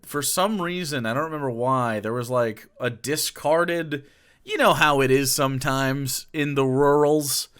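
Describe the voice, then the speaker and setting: A man's voice: medium pitch, a little slow, a bit bright, smooth. A man streaming live and telling rambling, profane stories, laughing often as he talks. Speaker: streamer reacting to a clip. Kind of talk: casual livestream storytelling.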